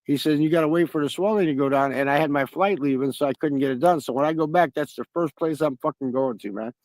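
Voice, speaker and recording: A man's voice: a little high, quick pace, no room sound. A man hosting a stream, telling rambling, profane stories in casual chat. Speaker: stream host.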